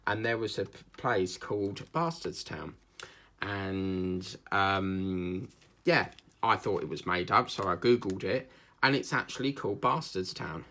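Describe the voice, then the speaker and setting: A man with a gravelly, creaky voice chats casually as he hosts a craft video. He rambles and digresses, jokes along the way and leans on plenty of fillers. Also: low voice, a little slow, sharp tone. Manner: chatty, digressive, jokey, with many fillers. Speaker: craft channel host.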